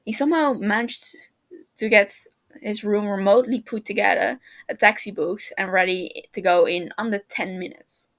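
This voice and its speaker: A woman's voice: medium pitch, normal speed, a bit bright. Woman reading a story aloud. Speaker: podfic reader. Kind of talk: reading fan fiction aloud.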